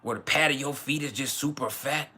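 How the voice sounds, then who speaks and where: A man's voice: mid-range voice, brisk, bright, forceful tone, slightly rough. A man from West Texas, hosting a casual livestream and giving blunt, profane opinions while answering chat. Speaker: livestream host.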